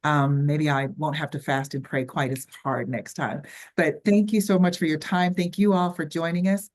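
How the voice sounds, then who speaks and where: An older woman with a Southern US accent hosting an online workshop over a video call, chatty and halting with frequent ums and restarts. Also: low-pitched, fairly even intonation. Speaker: webinar host.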